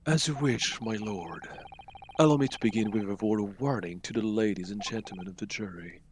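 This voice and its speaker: A man voicing a stern male courtroom prosecutor, reading game dialogue aloud in a measured, dramatic way. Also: on the low side, slight background noise, lightly acted. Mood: grave.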